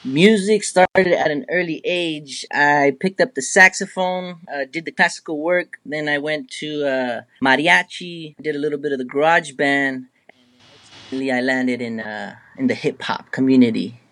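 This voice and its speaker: A man's voice: on the high side, normal speed. Easygoing man from San Diego. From San Diego, USA. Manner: relaxed, easygoing, with slang. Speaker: interview guest, musician. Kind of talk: casual interview chat.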